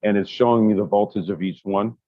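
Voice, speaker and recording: Low-voiced rambling male podcast co-host. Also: brisk, no room sound, narrow, tinny audio. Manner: rambling, frequent restarts and profanity. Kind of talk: casual brainstorming chat.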